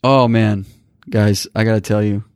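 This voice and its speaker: A man's voice: on the low side, steady tone, unhurried, no echo. Man telling a story in a dry voice. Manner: emotional, rambling retelling with restarts. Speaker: podcast co-host. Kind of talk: casual storytelling.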